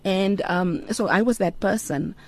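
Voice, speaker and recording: A middle-aged woman giving a heartfelt personal testimony in an interview, earnest and unhurried with frequent ums. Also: medium pitch. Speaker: interview guest.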